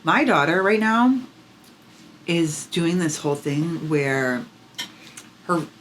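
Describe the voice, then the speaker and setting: A woman's voice: deep voice, takes it slowly, a bit bright. A woman in her thirties co-hosting a parenting podcast, chatting animatedly and laughing easily as she tells stories about her daughter. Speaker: podcast co-host. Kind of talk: casual chat. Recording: faint background noise.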